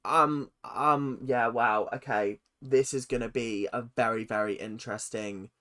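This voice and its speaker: A man doing casual reaction commentary, excitable and quick to swear as he talks back at the screen. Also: medium pitch. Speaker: reaction channel host.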